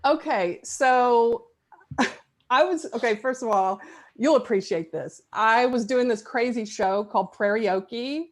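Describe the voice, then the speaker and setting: Lively middle-aged woman telling a story. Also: a little high, slow. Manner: lively storytelling with frequent laughs. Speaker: guest actress. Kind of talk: podcast interview chat.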